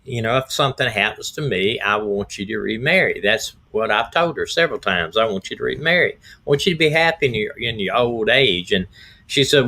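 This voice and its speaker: A middle-aged man, slightly hoarse, hosting a rambling, folksy live stream as a retired detective. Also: lowish voice, animated, brisk, pushed and bright. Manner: folksy, rambling, repeats himself. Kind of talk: casual live-stream talk.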